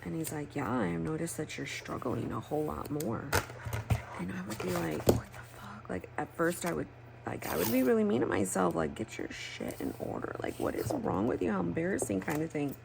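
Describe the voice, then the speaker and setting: A low-voiced woman talks through her crafting in a loose, rambling way and swears freely. Her voice has a gravelly rasp. Faint room noise hums behind her. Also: lively intonation, fairly quick. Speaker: planner crafting vlogger. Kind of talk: casual chat while crafting.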